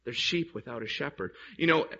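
A man's voice: medium pitch, a little fast, vocal fry, pushed and bright. A man preaching a sermon as a pastor, emphatic and storytelling, with rhetorical questions to the congregation. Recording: dull lo-fi recording.

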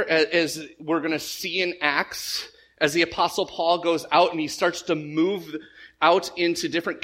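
Animated male pastor preaching, high-pitched voice, repeats himself when he starts a sentence. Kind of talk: sermon.

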